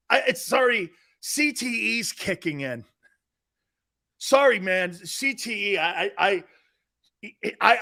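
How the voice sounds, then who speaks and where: Loud, joking male sports talk host. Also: high-pitched. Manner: loud, joking, jumps between topics, often raises his voice. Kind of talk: live sports talk stream, reading chat.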